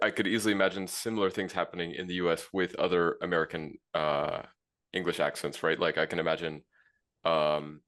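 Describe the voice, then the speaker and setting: Low-voiced man commenting haltingly. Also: a bit bright. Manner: halting, many restarts and fillers. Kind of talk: webinar discussion.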